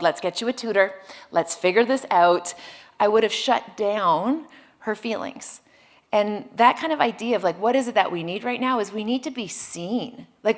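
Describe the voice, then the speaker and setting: A woman in her forties giving a motivational keynote talk, conversational and animated, telling stories with quick asides and frequent "like" and "right?". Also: medium pitch. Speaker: keynote speaker.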